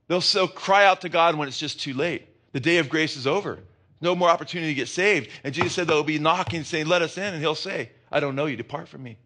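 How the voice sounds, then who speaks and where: A man preaching a sermon as pastor, impassioned and climbing to high emphatic peaks, asking the congregation questions and answering them himself, with rambling asides. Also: a bit bright.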